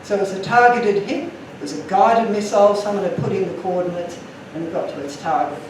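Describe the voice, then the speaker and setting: Man giving a talk, earnest and emotional, high-pitched, recorded from afar in a reverberant room. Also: steady tone, fairly quick, a little hiss or hum. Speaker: speaker. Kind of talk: illustrated talk to an audience. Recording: echoey room from far off.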